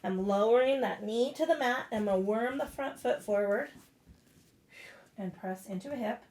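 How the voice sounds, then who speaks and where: A woman yoga instructor guiding a class out loud, casual and profane, breaking off into blunt joking rants. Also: a little high, normal speed, a little hiss or hum. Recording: echoey room.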